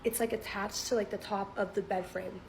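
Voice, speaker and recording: Young woman, casual storytime, rambling, full of fillers, nervous laughter, middle pitch, faint hiss. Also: steady tone, moderate pace, vocal fry, poor audio. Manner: chatty, filler-heavy, laughs nervously, swears.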